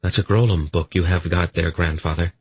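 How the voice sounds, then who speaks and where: A man voicing an anxious young male king in an audiobook, urgent in tone, with a husky, gravelly voice. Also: low-pitched, fairly even intonation, fairly quick, no echo. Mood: worried.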